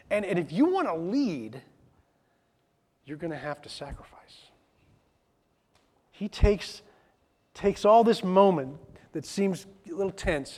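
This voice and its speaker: Male pastor, casual plain-spoken sermon, high, very expressive voice. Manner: animated, plain-spoken, drops into casual asides and acted quotes. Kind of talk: conversational sermon.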